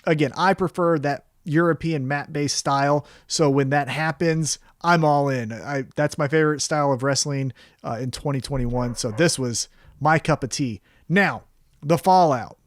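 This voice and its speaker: On a casual wrestling review podcast, this co-host talks at a moderate clip in a slightly high voice, cursing liberally and loudly performing quotes with lots of energy. The sound is clean studio audio with no echo.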